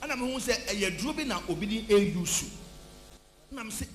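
Animated and brisk, his voice sitting high, a prophet leads a church service with a charismatic sermon, shouting and half-singing in Twi and English while drawing in testimony from the congregation. Echo and background hum fill the church hall.

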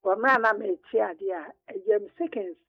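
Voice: medium pitch, sing-song, normal speed, vocal fry, husky. A caller with a Ghanaian accent giving an earnest testimony on a radio show and urging listeners to take it seriously. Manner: earnest, exhorting. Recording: tinny phone line.

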